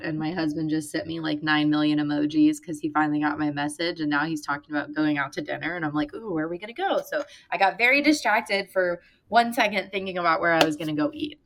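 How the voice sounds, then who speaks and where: A woman's voice: low voice, fairly bright tone. A woman co-hosting a casual book discussion podcast, chatty, who likes to quote the book in dramatic voices. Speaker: podcast co-host.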